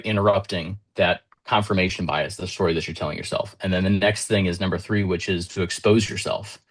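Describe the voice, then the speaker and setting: A man in his thirties giving an earnest motivational talk, retelling conversations with his young daughter in small shifts of voice. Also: deep voice. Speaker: motivational speaker.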